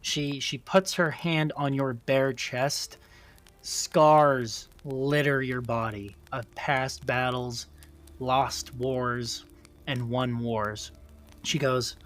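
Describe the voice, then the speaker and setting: A man's voice: medium pitch, fairly even intonation, extremely slow, fairly bright tone, soft background music. A man narrating as game master of a tabletop role-playing game, rambling with many fillers.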